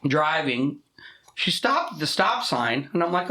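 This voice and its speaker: A man chatting on a podcast with a bright, lively voice that swings high and low as he tells a story. He swears freely and laughs between lines. The room is echoey. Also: a little slow, a little hiss or hum. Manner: profane, animated storytelling with laughs. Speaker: podcast co-host. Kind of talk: casual chat.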